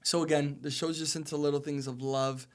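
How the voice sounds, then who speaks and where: A man's voice: a little high, flat delivery, brisk. A man in his twenties, a college soccer player, talking earnestly as a podcast guest and repeating phrases for emphasis. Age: 20s. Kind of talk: casual podcast conversation.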